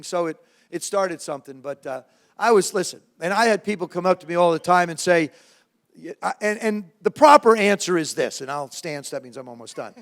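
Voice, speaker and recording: A man around seventy, from New Jersey, telling lively, self-mocking stories to a live audience as a former quarterback and guest speaker. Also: high-pitched. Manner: lively anecdotes with self-mocking humor, frequent restarts. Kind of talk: storytelling talk to a live audience.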